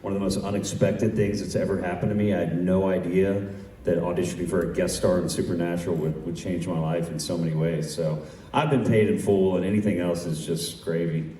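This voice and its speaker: A fairly low, mellow-toned man speaks earnestly and gratefully on a convention stage, stumbling over repeated words. He sounds distant in a reverberant hall, with faint noise behind. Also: little pitch movement, fairly quick. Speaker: actor on a panel. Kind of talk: convention panel talk.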